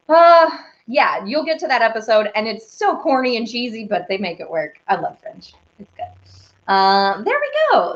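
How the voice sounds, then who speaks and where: A woman's voice: a little high, fairly bright tone. A young woman chatting casually with viewers while she bakes, rambling and giggly. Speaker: live-stream baking host. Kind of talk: casual chat while baking. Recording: roomy, slightly dull sound.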